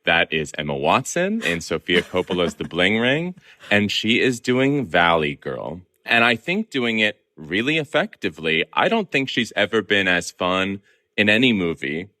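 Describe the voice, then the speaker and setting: A man's voice: deep voice, very animated, moderate pace, sharp tone. A man from Southern California, a guest film columnist giving articulate, opinionated answers in a podcast interview. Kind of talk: conversational interview.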